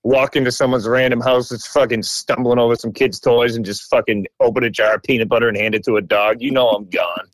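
A man's voice: mid-range voice, fairly even intonation, brisk, few pauses, no room sound, rough recording. A man chiming in casually on a podcast, laid-back and swearing as he adds to the story. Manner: laid-back, profane interjections. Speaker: podcast co-host. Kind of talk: casual chat.

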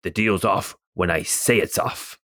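A man voicing a threatening male lizardfolk buyer in a tabletop game, in a low, hushed tone. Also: unhurried. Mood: menacing.

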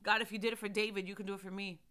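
A woman preaching a sermon, swinging from soft, intimate speech to loud, shouted praise, with emphatic repetition. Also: mid-range voice, level tone, very fast, clean tone.

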